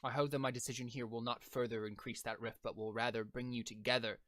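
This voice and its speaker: A man's voice: medium pitch, flat delivery, quick pace, a bit bright, no room sound, studio quality, voice pushed down, lightly acted. A man playing a grateful, formal male master who speaks earnestly as he frees his servant in a tabletop role-playing game. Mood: apologetic.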